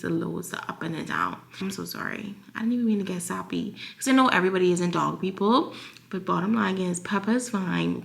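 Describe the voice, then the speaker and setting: Chatty woman vlogger with vocal fry. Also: on the low side, a bit bright, echoey room. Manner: chatty, talks straight to viewers as y'all. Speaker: lifestyle vlogger. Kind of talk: casual chatty Q&A while cooking. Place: home kitchen.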